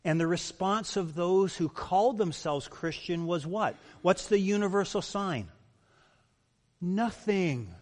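A man's voice: sits high, expressive, takes it slowly, a little mellow. A male pastor preaching a sermon, emphatic and full of rhetorical questions. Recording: long reverb of a large hall.

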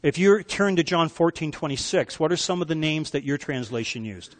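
A male pastor delivers an emphatic sermon in a church sanctuary, his voice sitting a little high for a man. He keeps turning questions back to the congregation to draw them in. A long reverb trails each phrase through the hall. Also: expressive, brisk.

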